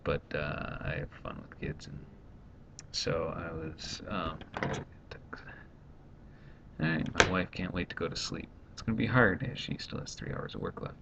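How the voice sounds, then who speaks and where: A man in his thirties, a stay-at-home dad, rambling and exasperated in a casual vlog monologue. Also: gravelly. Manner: rambling, exasperated, quickly acts out others. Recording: dull lo-fi home recording, faint rumble.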